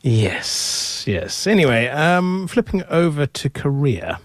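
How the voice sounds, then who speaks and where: A man's voice: fairly high pitch, very animated, slow pace, dry recording, clean studio sound. A man co-hosting a casual tech news podcast, reading out story summaries plainly. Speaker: podcast co-host.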